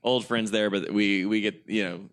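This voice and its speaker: A man hosting a comedy movie podcast, recapping scenes in an animated, rambling way and laughing often. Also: on the low side, moderate pace. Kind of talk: casual comedic movie chat.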